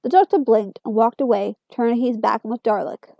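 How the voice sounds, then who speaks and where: Mellow woman reading a story aloud. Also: a little high, brisk, gravelly, no echo. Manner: steady storytelling narration. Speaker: fan fiction reader. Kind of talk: reading fan fiction aloud.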